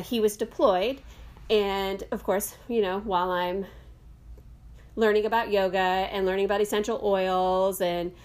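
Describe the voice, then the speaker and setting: A middle-aged woman, a yoga teacher, hosting a podcast in a casual, rambling monologue full of fillers and self-corrections. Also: mid-range voice.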